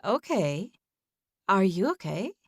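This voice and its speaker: A woman's voice: medium pitch, big pitch swings, slow, slightly rough, no echo, studio quality, heavily acted. A woman voicing a kind, flustered grandmother who fusses and talks on and on, in an audiobook. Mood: concerned.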